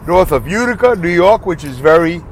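A man's voice: sits high, animated, fairly quick, a little hiss or hum, low-quality recording. A man hosting a casual solo podcast, rambling and thinking aloud, asking and answering his own questions. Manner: leads listeners through a breathing break. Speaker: podcast host.

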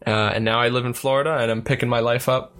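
A man's voice: mid-range voice, little pitch movement, quick pace, a bit bright, slight background noise. A young man from Long Island, New York, co-hosting a podcast in loose, chatty talk that drifts into casual swearing. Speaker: podcast co-host. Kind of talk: casual chat.

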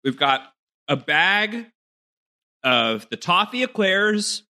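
A man's voice: sits high, big pitch swings, slow, sharp tone. A man co-hosting a podcast over a video call, chatting casually through a snack taste test and thinking aloud with lots of fillers. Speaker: podcast co-host.

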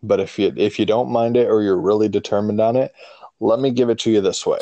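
Low-voiced man telling rambling stories. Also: steady tone, fast, warm tone, dry recording. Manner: rambling storytelling with many restarts and profanity. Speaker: podcast co-host; father. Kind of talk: casual podcast chat.

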